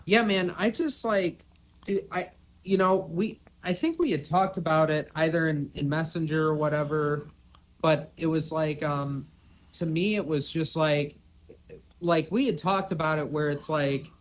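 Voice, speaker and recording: A man's voice: on the high side, a little slow. A man hosting a podcast, laid-back and chatty with many fillers in casual talk. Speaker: podcast host. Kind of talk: casual chat.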